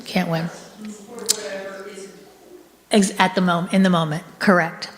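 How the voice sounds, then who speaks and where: Her voice is low-leaning, fairly flat in pitch and unhurried: a middle-aged woman speaking as a guest before a live crowd. She chats conversationally and poses questions to the audience, and the synagogue hall adds a long reverb.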